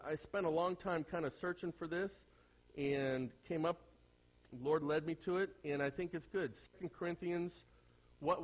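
A male pastor preaching to a congregation and telling personal stories, swinging from hushed asides to loud, animated bursts. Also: a little high, dull audio. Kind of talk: sermon with personal storytelling.

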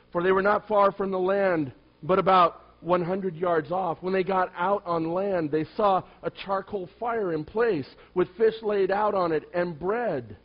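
A man preaching a sermon, firing rhetorical questions at the congregation and swinging between loud emphatic lines and quiet low asides. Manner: asks the listeners many rhetorical questions. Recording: dull lo-fi recording.

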